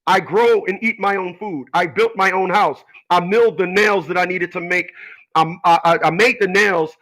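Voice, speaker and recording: A man whose voice sits high speaks at a moderate pace with a fairly bright tone, heard through a rough recording. Hosting his own channel, he delivers a casual opinion monologue that's rambling, preachy and confrontational, full of repeats and restarts as he argues with imagined people.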